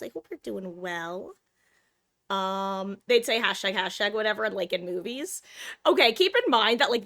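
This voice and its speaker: Her voice is mid-range with a sharp edge, captured in studio quality with no room sound. She's a young adult from Southern California who streams, rambling casually to her viewers, putting herself down and swearing now and then.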